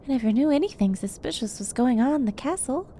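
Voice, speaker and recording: A woman voicing an earnest, worried young princess who speaks softly. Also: high voice, lively intonation, fast, slight background noise.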